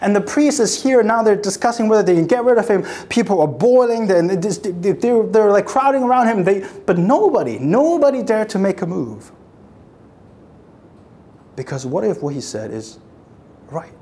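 A preacher delivering a sermon, retelling scripture dramatically, dropping to a hush and then rising, and repeating phrases for emphasis. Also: mid-range voice, expressive, normal speed. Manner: dramatic, swings from hushed to raised voice.

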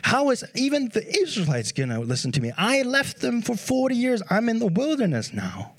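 Brief: an anxious, pleading older Moses, high and wavering in pitch, doubting himself, put on by a preacher. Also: male voice, huge pitch swings, normal speed, creaky, no echo, full character voice. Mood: fearful pleading.

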